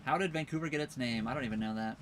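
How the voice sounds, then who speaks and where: A man hosts a relaxed livestream from a sailboat, chatting in an easygoing, rambling way. His voice sits at a middle pitch. A faint hiss runs under it. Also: rapid-fire. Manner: easygoing, rambling, reads viewer comments aloud. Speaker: live stream host. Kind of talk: casual live stream chat. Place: on a sailboat at a marina.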